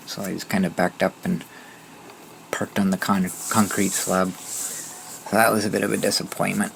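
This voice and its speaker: Man, vlogger, scooter driver, casual rambling storytelling, gravelly fry, loud background noise. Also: low-pitched, little pitch movement, normal speed, rough recording. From Southern Ontario, Canada. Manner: chatty, rambling, with frequent restarts.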